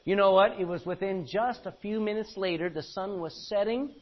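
A male preacher delivering a folksy, emphatic sermon that swings from loud to quiet and calls for amens. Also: sits high, moderate pace. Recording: dull lo-fi recording.

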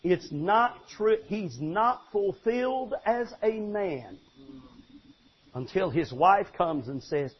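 Husky older preacher, lively and emphatic. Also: male voice, high voice, slow pace, highs cut off. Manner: animated, emphatic preaching with stammered restarts and sudden shouts. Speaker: pastor. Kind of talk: sermon.

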